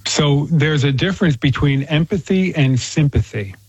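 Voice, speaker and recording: A man's voice: on the high side, moderate pace, husky, no echo. A man talking earnestly about faith and telling a story, often repeating words as he restarts. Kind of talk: casual faith-based chat with storytelling. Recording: dull, slightly muffled sound.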